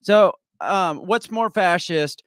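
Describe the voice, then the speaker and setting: Guy hosting a live stream chat, kinda high voice, mocking and animated, dry sound. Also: slow pace, no echo. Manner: animated, mocking, mimics others in put-on voices. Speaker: host. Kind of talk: casual political chat.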